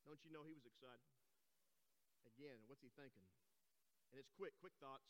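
A man's voice: medium pitch, moderate pace, long pauses. A man preaching a sermon, telling a story that builds to impassioned cries, in a church sanctuary. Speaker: pastor. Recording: long hall reverb.

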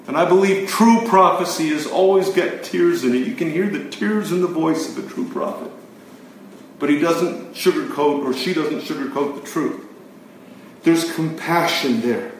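A man preaching a sermon with emphatic delivery, swinging between loud declarations and hushed words. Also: a little high, animated, moderate pace. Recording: very echoey room, distant mic, faint noise.

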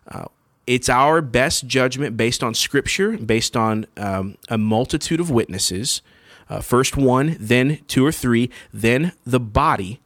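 A man gives a sermon as a casual, conversational teacher, checking in with "okay?" and "all right?" as he goes. His voice sits at a middle pitch, and the recording is close and dry. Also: a little slow, a bit bright, dry recording. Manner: frequent fillers and restarts. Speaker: pastor.

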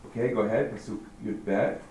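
A man teaching a text study class, thinking out loud and firing questions at his students. He sounds far from the mic in a roomy room with a faint hiss behind him. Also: on the low side, fairly quick. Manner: lively, questioning, thinks aloud.

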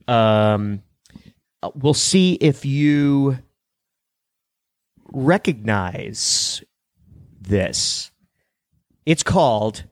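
A man co-hosting a podcast in casual chat, halting and repeating words, often chiming in to agree. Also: mid-range voice, no echo, studio quality. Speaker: podcast co-host.

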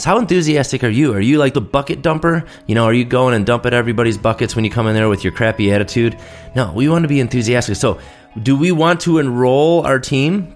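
A man in his thirties hosting a solo podcast, telling stories with lively enthusiasm and acting out quoted voices. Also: medium pitch. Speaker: podcast host, dentist. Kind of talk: casual solo podcast monologue.

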